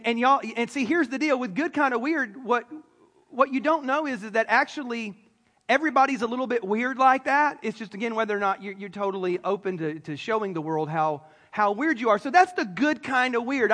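Pastor guy, joking around with the crowd, pretty high voice, long church reverb. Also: brisk, fairly bright tone. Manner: joking, talks straight to the congregation. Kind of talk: sermon. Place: church sanctuary.

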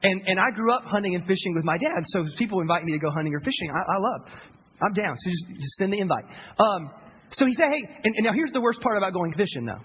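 High-voiced pastor preaching in a reverberant hall. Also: male voice, fast talker. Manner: animated, repeats words, quotes people in character. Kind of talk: sermon with storytelling. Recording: dull audio with long hall reverb, faint noise.

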